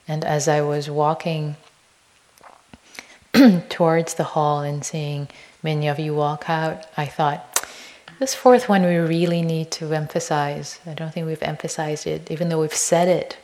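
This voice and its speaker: A woman giving a dharma talk at an unhurried, spacious pace, her voice sitting a little low. She speaks gently, often sinking into a hushed whisper, then brightens into playful, expressive moments. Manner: slow and gentle, drops to a soft whisper at times. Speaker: meditation teacher.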